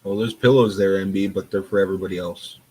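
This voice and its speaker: A man's voice: low-pitched, steady tone, quick pace, mellow, breathy edge, rough recording. A man joking around in a casual panel chat.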